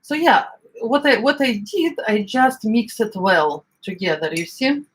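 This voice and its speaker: A woman's voice: on the high side, animated, a little slow, poor audio. Chatty middle-aged Eastern European woman. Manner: chatty, searching for words, many fillers. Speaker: home cook. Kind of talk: casual cooking vlog chat.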